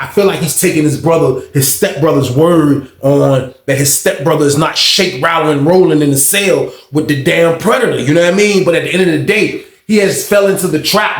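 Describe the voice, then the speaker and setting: Man storyteller, lively and profane, somewhat high voice, roomy echo. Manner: animated, profane, slangy. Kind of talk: casual storytime.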